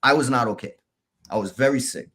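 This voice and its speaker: A man, a podcast guest, telling his story candidly in a halting, casual way. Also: medium pitch, sharp tone. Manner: candid, halting, restarts and fillers.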